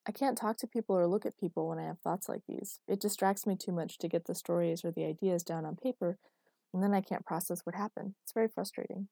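A woman's voice: on the low side, quick pace, mellow, no echo, studio quality. A woman doing a literal-minded young woman. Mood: puzzled.

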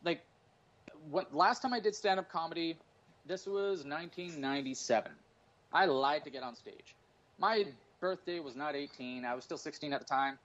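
A man's voice: a little high, normal speed, a bit bright, muffled recording. A man in his forties, a stand-up comedian, chatting casually on a podcast, rambling and swearing through jokey stories. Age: 40s. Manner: profane, rambling, jokey storytelling.

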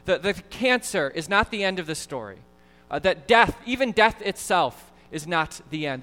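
Male pastor mid-sermon, earnest and lively, recorded in a reverberant hall. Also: high-pitched. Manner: earnest, animated preaching with frequent repeated words.

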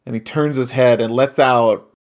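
A man co-hosting a casual chat, recapping episodes with excitable, joking asides and the odd swear. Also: medium pitch, normal speed. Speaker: podcast co-host.

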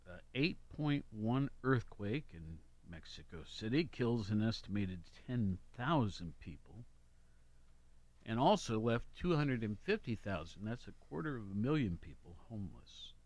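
A man's voice: mid-range voice, very animated, unhurried, dry recording, dull audio. A man hosts a local radio show, chatting his way through notes and adding offhand remarks. His voice sits in the middle range and sounds dry and close to the mic. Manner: chatty, reads weather and history notes with asides. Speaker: radio host. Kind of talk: casual radio chat.

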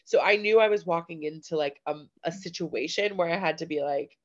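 A woman's voice: on the low side, a little fast. A woman co-hosting a podcast, talking casually with lots of fillers and quoted asides. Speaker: podcast co-host. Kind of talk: casual chat. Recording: slightly dull lo-fi audio.

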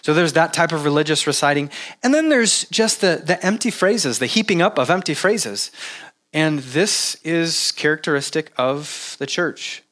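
Male pastor, relaxed conversational sermon, animated delivery, pitch a touch high. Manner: animated, jokey mimicry of repetitive prayer; halting, lots of "like" and restarts.

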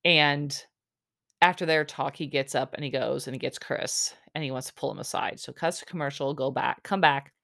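Chatty low-voiced woman recapping a show. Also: normal speed, vocal fry, fairly bright tone, no echo, studio quality. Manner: chatty, filler-heavy, with frequent "like" and "um"; opinionated storytelling. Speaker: reality TV recap host. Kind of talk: casual episode recap commentary.

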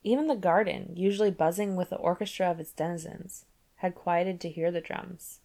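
A woman hosting a book club podcast, alternating between reading a novel aloud and breezily recapping it. Her voice sits fairly low for a woman, and her recaps are loose and conversational, full of "like". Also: moderate pace, mellow. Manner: reads aloud, then recaps casually with laughs and "like". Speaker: podcast host.

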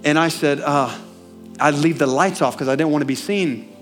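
Fervent male preacher, soft music behind. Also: a little high, moderate pace. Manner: storytelling, building to loud fervent peaks. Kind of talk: sermon.

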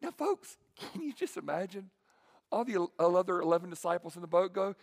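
A male preacher giving a sermon to students in a large hall, animated and joking as he acts out the scripture. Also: high-pitched, a little fast, gravelly.

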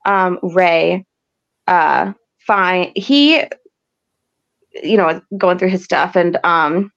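A woman's voice: lowish voice, very slow, vocal fry, highs cut off. A woman hosting a podcast, recapping an episode in a chatty, rambling way full of fillers. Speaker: podcast host.

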